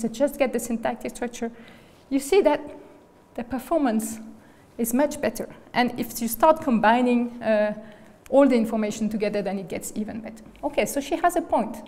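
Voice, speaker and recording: A woman gives a lecture in a large hall, and long reverb trails behind each phrase. Her voice sits a little high. She builds the argument step by step and keeps checking with the room. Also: a little mellow. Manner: explains step by step, often checks in with "okay?" and "right?". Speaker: guest lecturer. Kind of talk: academic lecture.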